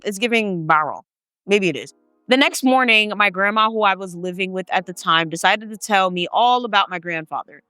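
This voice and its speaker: Bright, crisp woman reading stories. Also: medium pitch, no room sound. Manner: chatty, slangy asides between read passages. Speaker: host reading viewer stories. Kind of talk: reading stories aloud with casual commentary.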